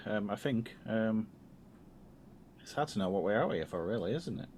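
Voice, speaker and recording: Man, tabletop player, hesitant, polite, lowish voice, faint hiss. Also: animated, normal speed, long pauses, a little mellow. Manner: hesitant, many ums, polite. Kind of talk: playing a tabletop game.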